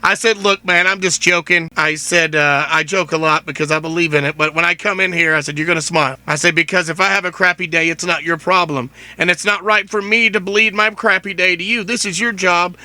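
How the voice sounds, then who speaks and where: A man's voice: high-pitched, steady tone, fairly quick, hardly any pauses, bright, forceful tone, no echo. A man hosting his own show, telling a story in a chatty, rambling, joking way. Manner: chatty, rambling, jokey retelling with many "I said". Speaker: podcast host. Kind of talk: casual storytelling monologue.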